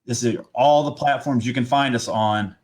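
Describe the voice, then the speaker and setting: A man co-hosting a casual football talk show, opinionated and rambling as he lays out his take. He talks in an animated, loose way. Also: medium pitch, moderate pace. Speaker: podcast co-host.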